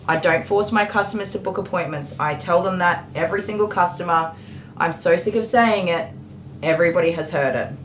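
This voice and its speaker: A dog groomer hosting a casual livestream, a woman telling stories about a customer in a chatty, exasperated way. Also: lowish voice. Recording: echoey room with faint clipper noise.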